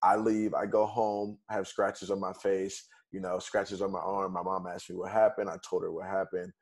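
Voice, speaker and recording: A man, a guest on a podcast, telling a personal story in a casual, conversational way, moving through events in quick steps. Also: low voice, flat delivery, a little mellow. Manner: conversational, retells events in quick steps with "bam" and "fast forward".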